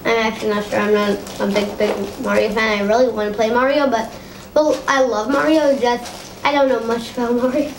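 A high-voiced woman chats at home as she decorates a tree, pausing often with ums. The room sounds echoey, with a faint hiss behind her. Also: little pitch movement. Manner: chatty, hesitant with many ums. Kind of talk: casual home vlog chat. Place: home living room indoors.

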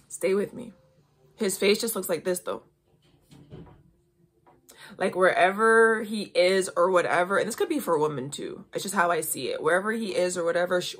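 A woman's voice: fairly low pitch, a bit bright. A young woman hosting a casual spiritual chat, talking emphatically and coaxing her listeners, often checking in with "okay?". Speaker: podcast host giving intuitive readings.

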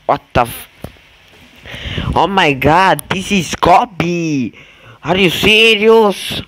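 A man doing casual gameplay commentary as a gaming YouTuber, erratic and exclamatory, swinging between mumbles and yells. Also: sits high, extremely slow, dry recording, rough recording.

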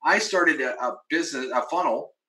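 A man giving an energetic marketing pitch in a webinar, emphatic and acting out the doubts of his prospects. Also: brisk. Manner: emphatic, acts out quoted voices of prospects. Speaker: webinar presenter. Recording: roomy echo.

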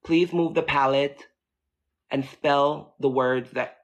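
A fairly high-voiced man livestreaming a spooky ritual and talking straight to his viewers. He sounds jittery and chatty, swearing casually as he goes. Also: fairly even intonation, slow pace, highs cut off.

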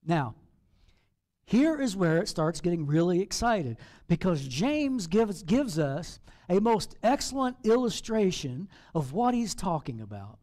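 A man, a pastor, preaching a sermon in an animated, playful way with acted asides. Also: high-pitched, unhurried. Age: over 40.

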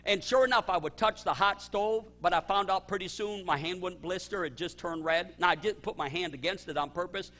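A middle-aged male pastor telling a personal story in a sermon, his voice swinging from loud excited bursts to low quiet emphasis. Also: fairly quick, few pauses.

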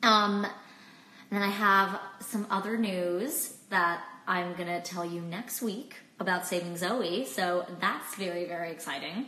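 A woman's voice: fairly low pitch, measured pace, pushed and bright, roomy sound, rough recording. A woman in her twenties hosting a casual livestream chat from her phone, bubbly and chatty, laughing often. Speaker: host of a livestream.

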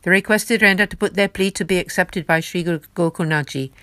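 A woman reading devotional stories aloud in a slow, careful manner. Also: lowish voice, fairly bright tone, dry recording. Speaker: devotional story reader.

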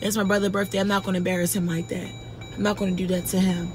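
A woman's voice: medium pitch, little pitch movement, very fast, soft background music. A tipsy young woman in her twenties from Baltimore, ranting and cursing while she vlogs from a parked car. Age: 20s. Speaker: vlogger. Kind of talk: casual vlog chat. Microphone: handheld camera.

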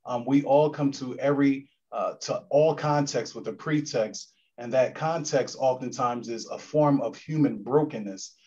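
A man from the commission giving formal closing remarks at a virtual event, measured and solemn with a preacherly cadence, over a video call. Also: medium pitch, warm tone. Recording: dull lo-fi call audio.

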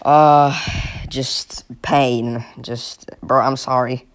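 A man's voice: medium pitch, little pitch movement, drawn-out words, smooth. A young man from Finland giving mocking, exasperated comic commentary over a video. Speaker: comedy video creator.

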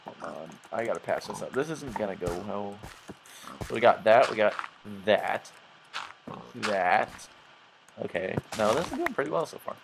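A man's voice: lowish voice, very animated, moderate pace, vocal fry, background noise. A man hosting a game let's play, talking casually with rambling, jokey, self-mocking asides. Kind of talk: casual gameplay commentary.

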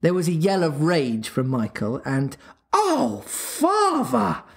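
Animated podcast reader. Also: medium pitch, moderate pace. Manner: animated, breaks off to chat and laugh. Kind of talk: reading a novel aloud for a podcast.

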